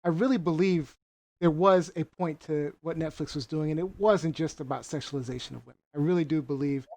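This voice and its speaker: Relaxed, reflective talk show host. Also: medium pitch, brisk, slight background noise. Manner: relaxed, reflective, with frequent "I mean" and "you know". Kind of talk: casual discussion.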